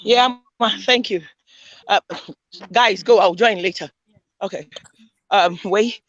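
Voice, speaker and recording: A woman, a panelist in a casual group discussion, telling animated stories and mixing in Twi phrases. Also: medium pitch, slow pace, lo-fi sound.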